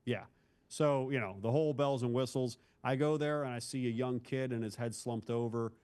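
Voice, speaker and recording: A former police officer from Northeast Ohio, appearing as an interview guest, tells a hard story from his career in a candid, blunt, casual way and calls the host bro. His mid-range voice moves at normal speed, with a clean and slightly mellow tone.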